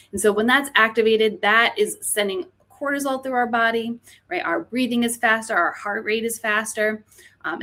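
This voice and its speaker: In a podcast interview, a woman who writes and teaches explains mindfulness in a medium-pitched, fairly bright voice. Her style is explanatory, and she keeps checking in with listeners by asking "right?".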